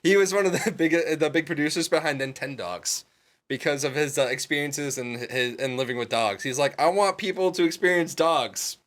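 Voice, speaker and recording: A man co-hosting a casual podcast, animated and laughing often, with plenty of ums and uhs. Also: medium pitch, fairly quick. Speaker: podcast co-host.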